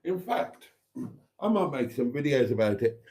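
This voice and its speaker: Wry, mellow-voiced man streaming. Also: medium pitch, normal speed. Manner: wry, theatrical, calls viewers darlings; relaxed and a bit rambling, sipping wine. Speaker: channel host. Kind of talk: live stream chat reading viewer comments.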